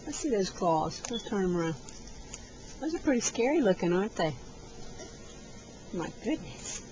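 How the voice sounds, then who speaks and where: A woman at home talking playfully to a toddler in animated, sing-song baby talk, recorded on a handheld camcorder. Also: medium pitch, moderate pace, lo-fi sound. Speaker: caregiver filming a toddler. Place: at home, indoors. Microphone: handheld camcorder mic. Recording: home video with clear background noise.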